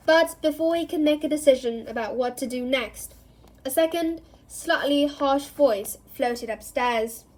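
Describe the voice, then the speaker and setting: A woman reading a novel aloud in an expressive storytelling way, giving each character a voice. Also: high-pitched, measured pace. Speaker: reader.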